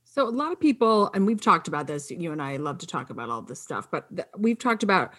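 Lively bright-voiced woman chatting. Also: fairly low pitch, a little fast. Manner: animated, many "like" fillers. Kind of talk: casual chat.

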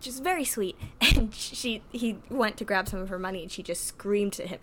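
A woman's voice: medium pitch, normal speed, noisy background. A young woman hosting a podcast, casually telling family stories with lots of giggles and filler words. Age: young adult. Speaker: podcast host. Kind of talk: casual storytelling.

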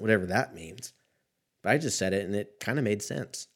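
A man's voice: sits low, fast. A man in his thirties ranting casually about basketball in a rambling, profane, self-mocking way. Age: 30s. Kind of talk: casual solo sports rant.

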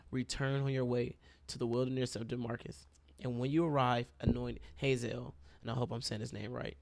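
Gravelly-voiced preacher man. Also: medium pitch, darkish tone, dry recording. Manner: conversational, addresses listeners as y'all. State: itchy throat. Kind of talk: sermon.

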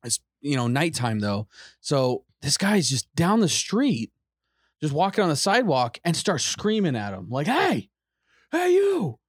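A man's voice: on the high side, very animated, moderate pace, no room sound, clean studio sound. A young man casually telling stories on a podcast, rambling and laughing often. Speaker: podcast host. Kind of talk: casual chat, storytelling.

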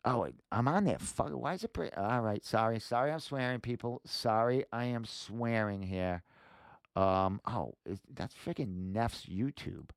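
A man's voice: medium pitch, a little slow, no room sound, clean studio sound. A man hosting a podcast, casually walking viewers through a website while thinking aloud, full of fillers and frequent swearing. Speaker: podcast host. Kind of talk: casual livestream screen walkthrough.

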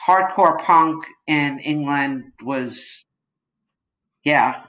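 A middle-aged woman speaks in a low voice as a podcast guest. She keeps her replies short and laid-back in a casual chat. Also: extremely slow, fairly bright tone, low-quality recording.

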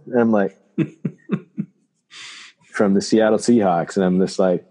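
A man, a chiropractor from Canada, telling personal stories in an interview, halting and reflective with many restarts. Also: fairly low pitch, steady tone, warm tone. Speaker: guest, chiropractor.

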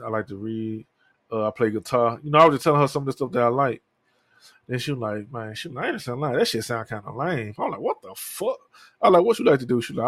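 A man's voice: medium pitch, dry recording. A man in his thirties hosting a podcast, talking alone in a candid, profane, rambling way. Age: 30s. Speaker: podcast host. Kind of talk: casual solo talk.

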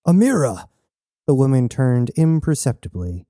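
A man reading a novel aloud as narrator in a steady storytelling manner. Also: mid-range voice, unhurried, no echo, clean studio sound. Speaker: audiobook narrator. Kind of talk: scripted narration.

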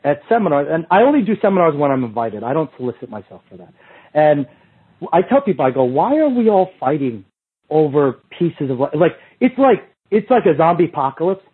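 A man's voice: medium pitch, breathy edge. A man talking as a guest on a show, telling rambling, profane stories and acting out both sides of old conversations. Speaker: fitness industry coach, podcast guest. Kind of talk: casual profane storytelling. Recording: tinny phone-like line.

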